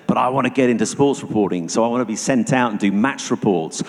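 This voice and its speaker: A man giving a personal testimony to an audience as a guest speaker, telling it vividly and going hushed at tense moments. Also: medium pitch, fast talker. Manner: vivid storytelling, dropping to hushed tones for tension. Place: church hall. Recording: long reverb of a church hall.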